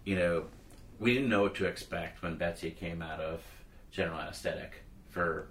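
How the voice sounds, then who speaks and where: A man's voice: deep voice, fairly even intonation, moderate pace, a bit bright, slight background noise. A man guest on a podcast telling a rambling story in casual chat. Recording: echoey room, off-mic.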